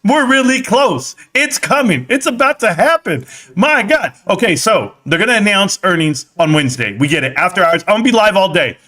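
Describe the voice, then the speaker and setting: A man in his thirties hosting a live stream, talking in an excitable, rambling way, telling stories and swearing freely. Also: high voice, a little fast, hardly any pauses. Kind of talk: casual live-stream chat.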